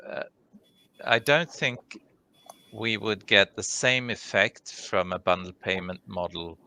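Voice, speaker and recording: Male clinician, deep and bright, careful hesitant Q&A answers over a video call. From Sweden. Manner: measured, hesitant with many ums and restarts. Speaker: conference speaker, orthopedic clinical leader. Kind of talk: live Q&A answers.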